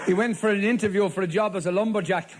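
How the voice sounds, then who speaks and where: Performing live, an Irish-accented comedian whose voice sits high plays a policeman, delivering quick one-liners with deadpan storytelling. Faint laughter and noise from the crowd can be heard.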